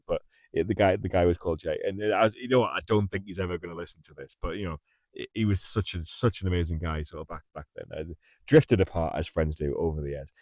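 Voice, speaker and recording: This middle-aged English livestream host has a low voice, recorded dry on a mic inside his parked car. Chatting casually, he tells a rambling story, often laughing and going over the same points again.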